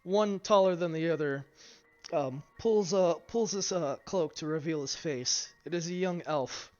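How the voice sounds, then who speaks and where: A man narrating a tabletop game as game master, halting over his words with frequent fillers and restarts. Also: fairly high pitch. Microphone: streaming mic. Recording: dull lo-fi stream, faint music.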